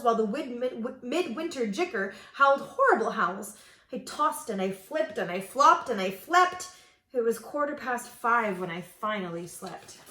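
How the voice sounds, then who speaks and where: Expressive high-voiced woman reading a storybook. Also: reverberant. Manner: expressive sing-song reading. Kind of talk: reading a picture book aloud.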